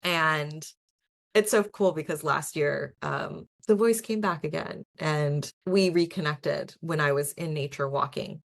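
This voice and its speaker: A woman's voice: deep voice, measured pace, creaky. A young adult woman hosting a podcast, telling her personal stories in a chatty, earnest way, often laughing and restarting her sentences. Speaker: podcast host. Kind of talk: casual personal storytelling.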